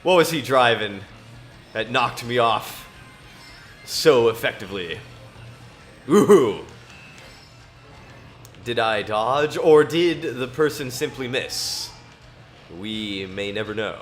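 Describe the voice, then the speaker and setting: This gamer mixes casual commentary on a racing game with scripture read aloud, talking to himself and laughing often. He speaks slowly in a medium-pitched, slightly bright voice over soft background music.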